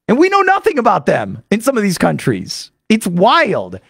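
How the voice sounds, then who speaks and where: An American man, a sports radio host, talking fast and eagerly in a studio monologue. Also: high voice, wildly swooping pitch, creaky, a bit bright, breathy edge, dry recording. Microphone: studio microphone.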